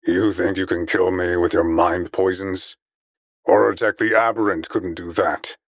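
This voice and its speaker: A man's voice: low voice, steady tone, a little slow, no room sound, clean studio sound. A man voicing a defiant, angry old man who talks back through gritted teeth. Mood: defiant anger.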